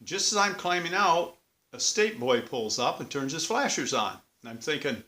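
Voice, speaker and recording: A man's voice: fairly high pitch, very animated, normal speed, bright, forceful tone. A man hosting his own vlog, telling a story in a casual, plain-spoken, chatty way. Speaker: vlog host. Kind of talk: folksy storytelling.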